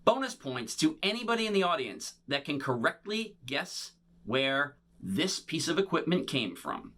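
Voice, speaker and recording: A man's voice: fairly high pitch, moderate pace. A man performing an interactive bubble show for children, talking playfully to an unseen young audience. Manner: animated and showy.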